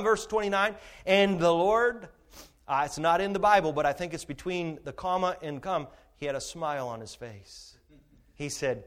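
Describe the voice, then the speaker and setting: A male pastor with a notably high voice delivers a sermon. He is emphatic, driving lines up to a shout and then dropping to quiet, intimate asides. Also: moderate pace.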